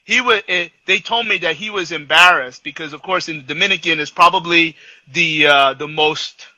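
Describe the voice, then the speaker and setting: A middle-aged man with a New York accent hosting a casual live chat, talking haltingly with many restarts and slipping into Spanish. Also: a little high, sharp tone, no room sound, poor audio. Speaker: host.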